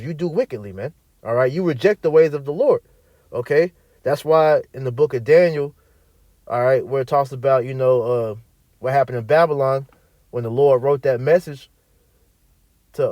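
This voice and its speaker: A man's voice: fairly high pitch, mellow, no room sound. A man preaching and teaching scripture, emphatic and repetitive, often tagging his points with "all right" and reading verses aloud. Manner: reads verses aloud in archaic wording; mutters away from the mic while searching.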